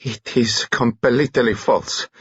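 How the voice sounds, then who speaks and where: A man voicing an oily, fawning male foreign blackmailer in an audiobook, with a shrill, wailing manner. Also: slow pace, husky, no room sound, dull audio. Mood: cold.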